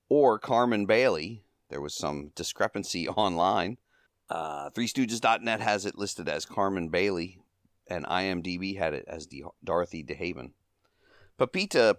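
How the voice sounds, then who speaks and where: A man's voice: deep voice, no room sound, clean studio sound. A man hosting a podcast, casually recapping and reviewing an old comedy short, chuckling often as he retells the gags. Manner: chuckling often, acting out quoted lines.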